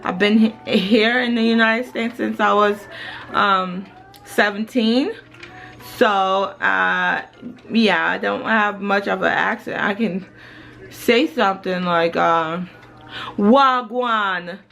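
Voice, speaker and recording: A woman's voice: medium pitch, fairly even intonation, takes it slowly, creaky, fairly bright tone, rough recording. Chatty woman vlogging from home. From Jamaica. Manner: chatty and rambling, many "you know"s. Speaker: family vlogger. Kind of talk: casual vlog chat to camera.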